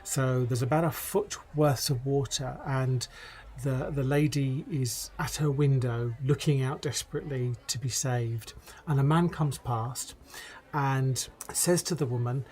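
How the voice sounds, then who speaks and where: A man hosting a podcast, telling stories in a relaxed, wry way. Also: mid-range voice, measured pace. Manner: relaxed and wry, laughs at his own jokes. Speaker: podcast host. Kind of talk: conversational podcast storytelling.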